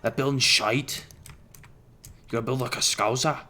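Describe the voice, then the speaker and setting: A man's voice: mid-range voice, steady tone, moderate pace, bright, forceful tone, faint music behind, close to an everyday voice. A man putting on a grumpy Scouse man with a Liverpool accent, bluntly scoffing at a building. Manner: blunt, dismissive, slangy.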